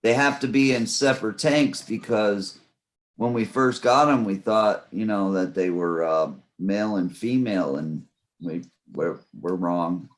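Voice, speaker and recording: A man in a casual group chat with a somewhat low voice. He tells stories with a dry, joking delivery. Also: measured pace.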